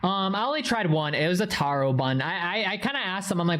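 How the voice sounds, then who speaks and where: A woman's voice: on the low side, animated, quick pace, fairly bright tone. A young woman streaming live, chatting casually and telling a story with a lot of swearing.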